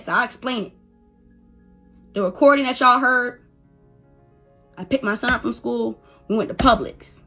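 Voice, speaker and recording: A woman with a high, bright voice speaks as a mother defending herself. She rants in a heated way, circling back and stammering through restarts. There is faint music underneath. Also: husky. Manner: agitated, repetitive, stammering restarts. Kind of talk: heated live-video rant.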